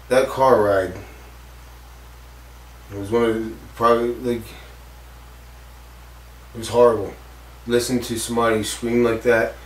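Guy with a lowish voice rambling and cussing thru a story, kinda far from the mic, faint hiss behind. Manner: rambling, profane, full of fillers like "like" and "you know". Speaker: interviewee recounting a stunt accident. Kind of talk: casual storytelling interview. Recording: roomy echo, distant mic, faint background noise.

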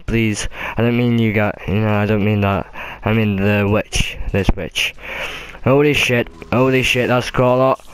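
A man's voice: medium pitch, slight background noise. A young Welsh man giving casual, swear-heavy commentary on his game and chatting to his in-game pets. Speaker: gaming commentator.

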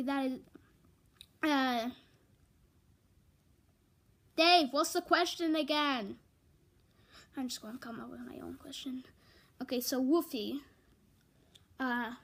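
A woman's voice: sits high, vocal fry. A woman hosting a playful homemade show, chatting in a scattered, giggly way and calling out to someone off camera. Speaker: show host. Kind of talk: casual, playful chat with stuffed-animal characters.

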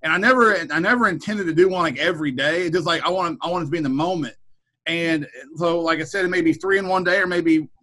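Fast, bright-voiced man rambling casually. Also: a little high, low-quality recording. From Kansas. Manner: rambling, repeats words and restarts. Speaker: middle school principal. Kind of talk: casual podcast conversation.

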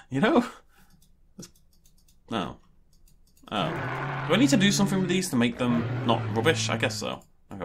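A man's voice: mid-range voice, fairly bright tone, a little hiss or hum. A young man chatting casually and rambling cheerfully while playing a game. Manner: chatty, rambling, self-amused. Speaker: gaming youtuber. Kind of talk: casual let's-play commentary.

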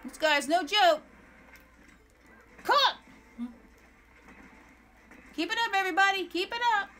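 A woman streaming a game live, excitable, exclaiming and repeating words as she plays. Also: extremely high pitch, quick pace. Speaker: gameplay streamer. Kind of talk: live gameplay commentary.

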